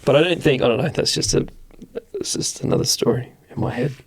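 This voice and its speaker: A young Australian man hosting a casual podcast chat, swearing freely and acting out the people in his stories with lively, animated delivery. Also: mid-range voice, fast, husky. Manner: swearing, animated storyteller who acts out voices. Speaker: podcast host.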